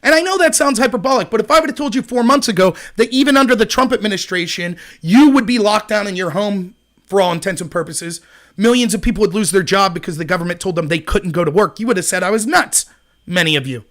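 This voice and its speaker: Guy with a really high voice doing a political rant on his stream, fired up and indignant. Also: quick pace. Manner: animated, ranting, indignant. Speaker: political commentary host. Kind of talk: live-streamed political commentary.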